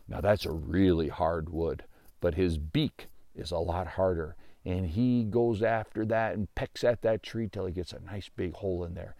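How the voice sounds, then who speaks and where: A patient, folksy lumberjack, voiced by a man who explains nature slowly and plainly. The voice is low and full of gravel. It is recorded close and dry, with no room sound. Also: dark tone, dry recording. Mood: explaining. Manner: slow, drawn-out explaining. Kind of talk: storytelling voice acting.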